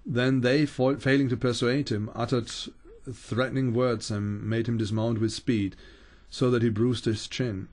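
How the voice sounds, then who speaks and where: A man reads an old account aloud for a teaching broadcast. His delivery is unhurried and plain, with a few small stumbles and restarts. His voice sits at a middle pitch for a man. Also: flat delivery, darkish tone. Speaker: Bible teacher. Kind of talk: reading an ancient account aloud.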